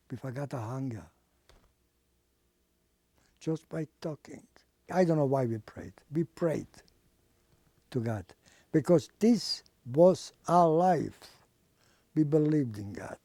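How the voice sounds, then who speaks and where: An older man giving oral history testimony as a Holocaust survivor, speaking haltingly and searching for words. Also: fairly high pitch, lively intonation, warm tone, dry recording.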